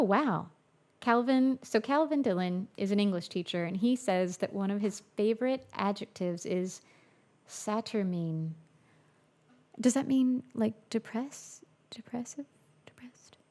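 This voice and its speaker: A woman's voice: mid-range voice, dark tone. A woman musician chatting casually on a livestream, thinking aloud as she works in her studio and reads viewer comments. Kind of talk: casual livestream chat while producing.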